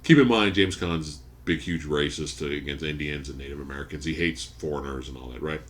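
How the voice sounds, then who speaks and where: A man hosting a podcast, casually recapping a movie plot as an animated storyteller who swears freely. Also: a bass voice, a little fast. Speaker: podcast host. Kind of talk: casual movie review chat. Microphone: studio podcast mic.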